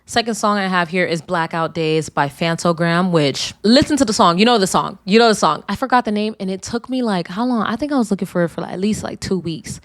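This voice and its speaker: A young woman hosting her own podcast in a casual, blunt and profane way, animated when she tells stories. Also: on the low side, brisk, few pauses, dry recording, clean studio sound. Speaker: podcast host. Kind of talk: casual solo podcast talk.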